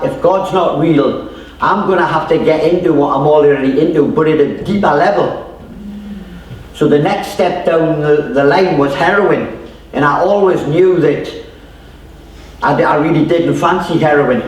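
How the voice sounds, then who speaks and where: A man's voice: on the high side, darkish tone. Geordie man, chatty storyteller preaching a testimony, recorded far off in a very reverberant room. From North East England. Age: 30s or older. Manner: chatty storytelling, acts out voices, many fillers. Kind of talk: informal testimony sermon. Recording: echoey room, distant mic.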